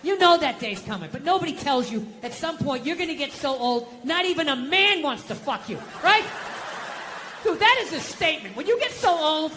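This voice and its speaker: A man's voice: very high voice, very animated, moderate pace, bright, forceful tone, long reverb tail, slight background noise. A man doing a stand-up routine, ranting bluntly and profanely with mock outrage, on stage before a live audience. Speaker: stand-up comedian.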